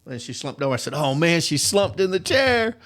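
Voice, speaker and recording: An animated man tells his stories in a relaxed, casual chat. His voice sits a little high, and he acts out the other people in his stories. He laughs often as he talks. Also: brisk. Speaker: appliance technician telling stories.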